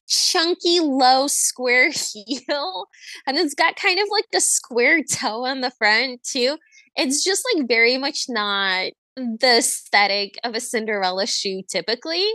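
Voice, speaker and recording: Wry podcast lady recapping a movie, dry close mic, high voice. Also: expressive, unhurried, bright, forceful tone, no echo. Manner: chatty, wry, slips into voices. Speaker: podcast co-host. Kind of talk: casual chat recapping a movie.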